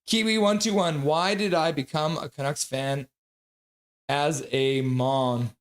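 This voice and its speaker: A man's voice: a little high, fairly even intonation, slow pace. A man from Calgary hosting a casual live stream, reading out viewers' chat messages in a jokey way and laughing often. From Calgary, Canada.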